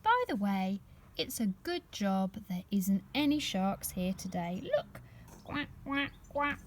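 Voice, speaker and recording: A woman's voice: medium pitch, very animated, slow pace, a little hiss or hum. A woman voicing a cheerful small boy in a picture book she reads aloud, with a chatty, playful manner.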